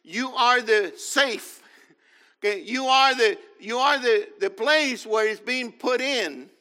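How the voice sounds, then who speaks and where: A man preaching in a high, bright voice that rings out with a long hall reverb. He teaches emphatically, repeating his points and checking in with the listeners. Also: takes it slowly. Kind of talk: sermon.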